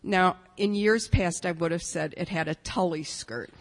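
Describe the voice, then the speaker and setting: A woman's voice: on the low side, normal speed, background noise. An older woman telling a humorous, self-mocking personal story to an audience, with wry asides. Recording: long reverberant hall.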